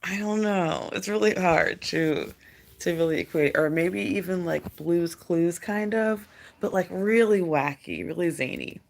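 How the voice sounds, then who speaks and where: A woman's voice: lowish voice, measured pace, gravelly. A woman livestreaming from home, chatting casually in a rambling, giggly way. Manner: rambling, giggly, doting baby talk to her cat. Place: home, indoors.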